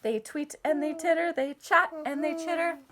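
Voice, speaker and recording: A woman's voice: high-pitched, fairly even intonation, normal speed, very noisy. A woman teacher reading a picture book aloud to children in a sing-song way, asking them to join in. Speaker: music teacher.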